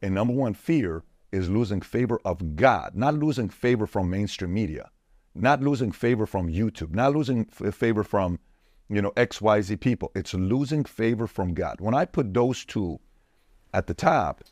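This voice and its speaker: A man's voice: lowish voice, expressive, normal speed, darkish tone, dry recording, studio quality. A man, an entrepreneur guest on a podcast, talking emphatically with punchy repeated lists. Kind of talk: podcast interview answers.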